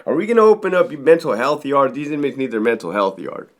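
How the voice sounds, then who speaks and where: A man's voice: mid-range voice, lively intonation, fast talker, lightly acted. A man quoting a pushy female prison mental health doctor who keeps insisting on something. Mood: insistent. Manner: insistent, pleading.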